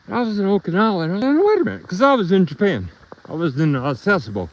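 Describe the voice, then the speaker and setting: Guy rambling through a story on his phone while hiking a river trail with his dogs, a little winded, voice a bit high and jumping all over the place. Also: sing-song, fast, low-quality recording. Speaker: live streamer walking his dogs. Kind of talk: casual storytelling while walking.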